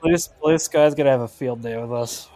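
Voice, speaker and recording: A man co-hosting a podcast, cutting in with deadpan sarcastic one-liners. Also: medium pitch, brisk. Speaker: podcast co-host. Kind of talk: casual chat.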